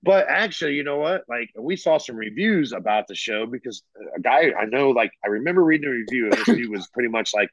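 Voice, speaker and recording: A man's voice: medium pitch, lively intonation, fairly quick, a bit bright, no echo. A man in a casual chat telling rambling, profane stories about the old days, heard over earbuds on a remote call. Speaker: guest musician. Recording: dull lo-fi remote audio.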